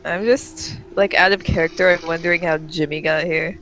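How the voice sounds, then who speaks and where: A man's voice: a little high, fairly even intonation, moderate pace, fairly bright tone, soft background music, rough recording. A man playing a tabletop role-play game, speaking hesitantly and dryly. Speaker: player.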